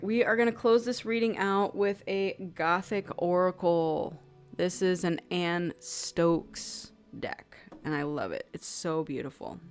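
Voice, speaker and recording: Lowish-voiced woman doing a tarot reading, chatty, lotta "like"s, soft music behind. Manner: conversational, chatty with many "like" fillers; acts out quoted people in lively voices. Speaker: tarot reader.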